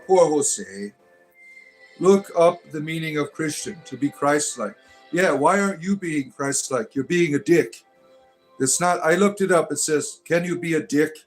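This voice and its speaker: A middle-aged man hosting a casual livestream, answering chat with irreverent jokes and mock-preachy asides. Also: medium pitch.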